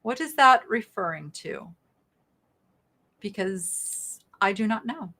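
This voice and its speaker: A woman's voice: mid-range voice, lively intonation, slow pace, sharp tone. A middle-aged woman hosting a live online sale in a chatty, rambling way, thinking aloud as she shows items. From American South. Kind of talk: casual live selling chat.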